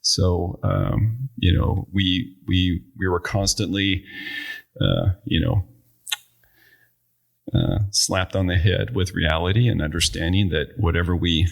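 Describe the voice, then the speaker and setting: A man with a low voice that crackles with heavy vocal fry. His tone is a little husky. He muses about his experience in long, winding sentences, often restarting as he goes. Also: expressive, takes it slowly. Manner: reflective, wordy, with frequent restarts. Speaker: winery owner guest. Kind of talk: casual podcast conversation.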